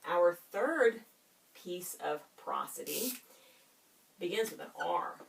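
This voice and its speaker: A woman's voice: on the low side, vocal fry, distant mic, slight background noise. A woman teacher giving a reading lesson to students, asking them questions and stretching out key words. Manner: expressive, drawn-out teacherly delivery with questions to students. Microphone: camera set up in the room.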